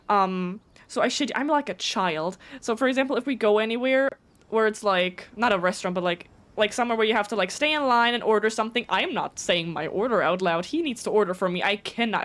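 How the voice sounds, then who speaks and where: A woman streamer whose first language is German, chatting casually with her viewers. Her voice sits a little higher than most, and she rushes her words, stumbling and restarting sentences as she goes. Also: a bit bright. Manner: talks fast, stutters and restarts. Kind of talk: casual live-stream chat.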